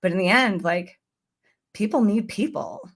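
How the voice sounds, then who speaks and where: A woman's voice: medium pitch, lively intonation, a little slow. A woman guest on a podcast, telling a personal story in an earnest, chatty way and acting out her own past thoughts.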